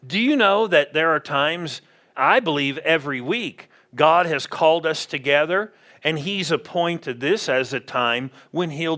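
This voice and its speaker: A man's voice: a little high, a bit bright. A man preaching a conversational sermon in a church, often asking the congregation questions. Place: church sanctuary.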